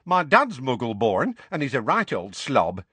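A man voicing a cheerful, nosy young witch in a storybook reading, chatty and lively. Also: a little slow, husky, no echo, exaggerated voice. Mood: curious. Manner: chatty, lively, high-pitched.

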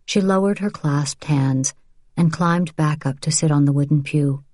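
A woman in measured, unhurried scripted audiobook narration. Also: sits low, a little mellow, no room sound, studio quality.

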